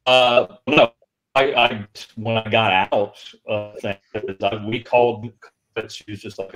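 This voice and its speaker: A man with a fairly low voice tells a long story over a livestream video call. He rambles, stops and restarts often. His feed breaks up now and then. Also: steady tone, a bit bright, poor audio. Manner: rambling, halting anecdote with many restarts.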